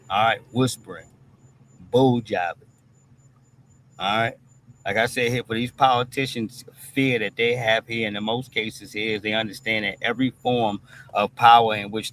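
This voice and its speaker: Hosting a streamed commentary monologue, this man has a fairly low-pitched yet fairly bright voice, heard over slight background noise. His talk is blunt and full of profanity, and he asks "all right?" after almost every point he makes.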